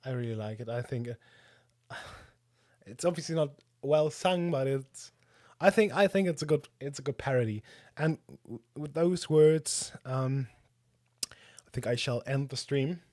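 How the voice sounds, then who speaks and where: A man's voice: medium pitch, unhurried, darkish tone. A man casually chatting alone on a livestream, rambling with many fillers and restarts. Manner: rambling, self-deprecating, lots of fillers. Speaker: streamer. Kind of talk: casual solo stream chat.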